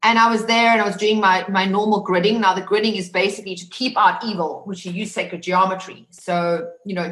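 Telling her own survivor's story, this woman from South Africa has a mid-range, fairly bright voice. Her testimony is forceful, full of repeated words and frequent restarts, captured with an echoey room sound.

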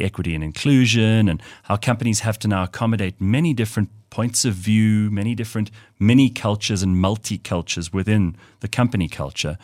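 A man hosting an interview, asking long, thoughtful questions with fillers and pauses. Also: fairly low pitch, darkish tone, dry recording, studio quality. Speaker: interview host. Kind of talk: conversational interview.

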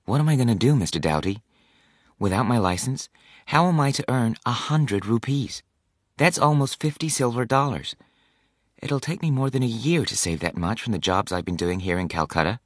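A man doing an anxious young sailor, high and pleading. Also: moderate pace, no echo, studio quality, lightly acted. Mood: worried. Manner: pleading, excitable. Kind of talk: audiobook character voice.

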